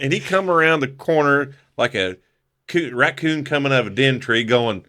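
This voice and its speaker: A man's voice: mid-range voice, lively intonation, moderate pace, sharp tone. A man on a podcast telling a rambling story, laughing often and swearing freely. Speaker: podcast guest. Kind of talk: casual storytelling.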